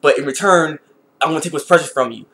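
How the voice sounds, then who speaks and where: A man's voice: a little high, quick pace, a bit bright, pitched below the performer's own voice, natural voice. A man voicing a smug, menacing teenage schoolgirl who goads and mocks. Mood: taunting. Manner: mocking, goading.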